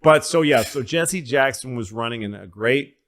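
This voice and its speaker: A man co-hosting a podcast, telling stories in a casual chat. He swears freely, acts out little voices for the people in his stories, and keeps a mid-range pitch. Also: animated, normal speed, a bit bright. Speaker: podcast co-host.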